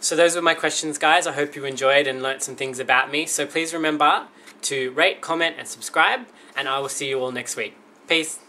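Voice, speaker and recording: A young man in his twenties runs through a casual question-and-answer vlog, dropping wry jokes as he goes. His voice is bright and clear, with a faint bit of room ambience underneath. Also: fairly high pitch, a little fast, slight background noise. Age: 20s. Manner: wry, joking. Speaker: vlogger.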